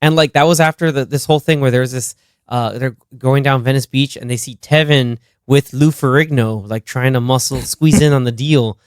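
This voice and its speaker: A man co-hosting a casual movie podcast, excited and laughing often while he acts out lines from the film. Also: mid-range voice, normal speed, clean tone, no room sound, studio quality. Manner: animated, laughing, acts out quotes. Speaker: podcast co-host.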